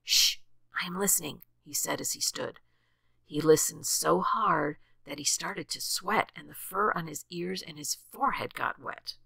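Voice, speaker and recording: An older woman reading a rhyming storybook aloud with expressive, sing-song rhythm. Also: low voice, a little slow, gravelly, slightly rough, no room sound.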